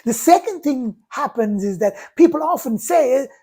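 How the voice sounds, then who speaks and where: A woman giving a motivational talk, speaking in deliberate, emphatic, drawn-out phrases. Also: high voice, animated, vocal fry, mellow, husky.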